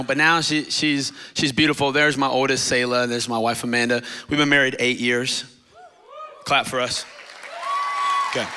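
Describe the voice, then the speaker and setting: Bright-voiced emotional young preacher. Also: male voice, medium pitch, clear, resonant tone. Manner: emotional, rambling, tearful at times. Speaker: guest preacher. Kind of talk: sermon. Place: church stage.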